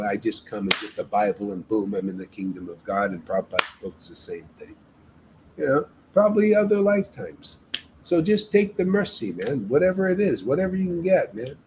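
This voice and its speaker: Animated man giving a casual sermon. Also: medium pitch, a little hiss or hum, low-quality recording. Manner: emphatic, casual, peppers talk with "man". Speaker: devotional meetup leader. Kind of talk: informal devotional sermon.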